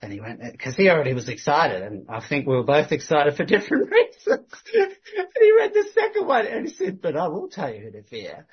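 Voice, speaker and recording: A man, telling a story of a street conversation in a casual, animated way and often laughing. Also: mid-range voice, slightly rough. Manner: animated, laughing, quoting others in lively voices. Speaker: street evangelist. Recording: dull lo-fi sound.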